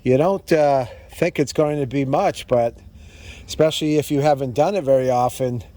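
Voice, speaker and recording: A man's voice: mid-range voice, moderate pace, warm tone, dry recording. A man co-hosting a casual hiking vlog outdoors on a trail, easygoing and rambling with many fillers. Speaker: hiking vlogger.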